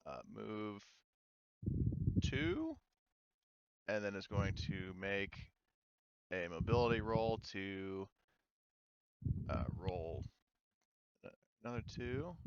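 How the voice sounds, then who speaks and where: A man's voice: lowish voice, animated, takes it slowly, pauses often, fairly bright tone, smooth. A man running a tabletop war game as game master, talking loosely with lots of fillers and restarts. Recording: slightly dull, lo-fi mic.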